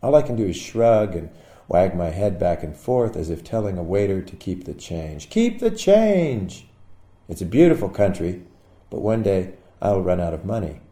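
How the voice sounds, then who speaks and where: A man reading his own poem in a wry, musing way, with sudden loud outbursts. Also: sits low, moderate pace, reverberant. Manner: wry, musing delivery with sudden bursts of loudness. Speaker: poet. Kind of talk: poetry reading.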